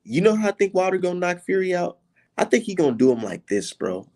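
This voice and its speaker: Male vlogger with a gravelly voice, swearing and mocking, with an animated delivery. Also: high-pitched, fast. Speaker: vlogger reacting to boxing clips. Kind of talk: profane casual reaction commentary.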